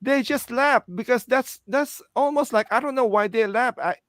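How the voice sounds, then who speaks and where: A man's voice: very high-pitched, normal speed, fairly bright tone, no echo, clean studio sound. A man hosting a casual live stream, agreeable and hesitant, reading out viewer comments. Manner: agreeable, hesitant, reads chat comments aloud. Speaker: host.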